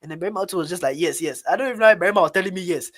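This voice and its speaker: A Ghanaian man with a fairly high voice tells a story in an online public speaking webinar. He speaks in an animated, lively way, calling his listeners "guys" as he goes. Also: rapid-fire. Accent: Ghanaian English. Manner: animated, talks directly to his audience as "guys".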